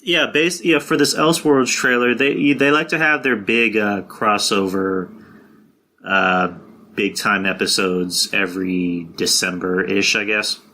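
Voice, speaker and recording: A man's voice: lowish voice, fairly even intonation, a little slow, bright, forceful tone. A young man hosting his own podcast alone, chatting casually and rambling with lots of fillers, restarts and swearing. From San Antonio, Texas. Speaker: podcast host. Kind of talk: casual solo podcast chat.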